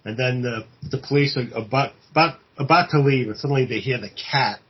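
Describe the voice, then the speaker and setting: Husky man retelling a film plot. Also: mid-range voice, muffled recording. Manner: halting, many fillers and restarts, acts out quoted lines. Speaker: podcast co-host.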